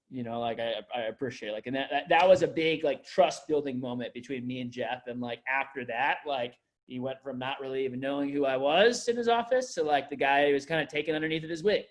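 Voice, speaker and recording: Medium-pitched and fast, the district manager barely pauses as he delivers a loose onboarding talk to his staff. He wanders through filler-heavy anecdotes, restarting again and again.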